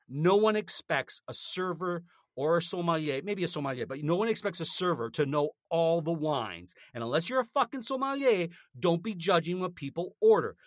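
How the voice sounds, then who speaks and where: A man's voice: on the high side, sing-song, normal speed, few pauses, no room sound, clean studio sound. A man co-hosting a podcast, telling a story in a casual, indignant rant and swearing freely. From North America. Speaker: podcast co-host. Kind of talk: casual chat, ranting story.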